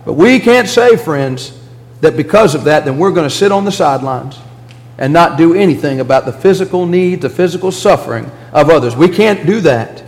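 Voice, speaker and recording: A man preaching a sermon in a church, earnest, with a preacherly rise and fall that drops low for emphasis. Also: lively intonation, normal speed, darkish tone, long reverb tail, rough recording.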